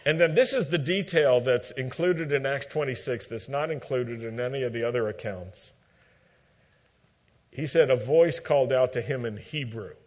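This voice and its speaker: A man preaching a sermon, teaching in a measured way and acting out quoted lines with emphasis. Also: mid-range voice, lo-fi sound.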